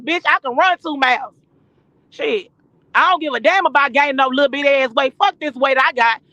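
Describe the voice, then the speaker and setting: A woman ranting loudly and profanely as a guest on a live stream, talking from her car while driving. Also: sits high, no room sound. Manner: loud, profane, confrontational, fast bursts. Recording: muffled lo-fi stream audio.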